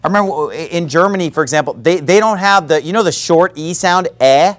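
A man preaching a sermon in a conversational way, with quick asides and self-corrections. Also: fairly high pitch. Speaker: pastor.

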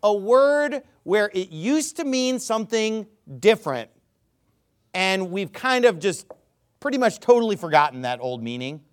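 A man's voice: high voice, very animated, unhurried, smooth. A man talking as a Bible teacher in an informal rebuttal, emphatic and casual, often restarting his sentences.

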